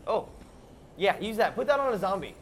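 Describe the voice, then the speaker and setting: High-voiced young man barking game tips. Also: very animated, brisk. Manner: bossy, eager, keeps giving orders. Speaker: backseat co-host coaching the player. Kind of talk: joking let's-play commentary. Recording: noisy game-capture audio.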